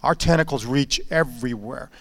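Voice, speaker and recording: A man's voice: mid-range voice, normal speed, creaky, a bit bright, no echo. A man hosting at church, chatting casually and restarting his words often. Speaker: pastor hosting.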